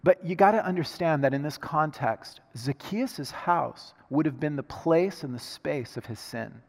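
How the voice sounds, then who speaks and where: Man preaching, slightly high voice, hushed then emphatic, echoing hall. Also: animated. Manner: swings from hushed and slow to loud, emphatic preaching. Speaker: pastor. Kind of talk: sermon. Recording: reverberant hall sound.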